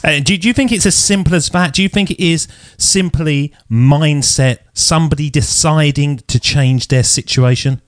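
A man's voice: a little high, normal speed, hardly any pauses, no echo, clean studio sound. A man interviewing a guest, asking probing questions with frequent stammered repeats.

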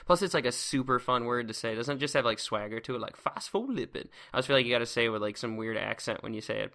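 A man's voice: fairly high pitch, sharp tone. A man hosting a casual science lecture podcast, seated at a close microphone, exuberant and playful, heaping on words like awesome. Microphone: close microphone, speaking seated.

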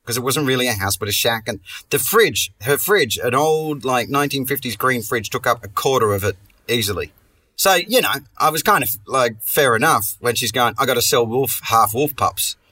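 A man's voice: mid-range voice, sharp tone, far from the mic. A man hosting a comedy podcast, telling a long story in a rambling, sweary way and restarting his sentences often. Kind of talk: casual comic storytelling.

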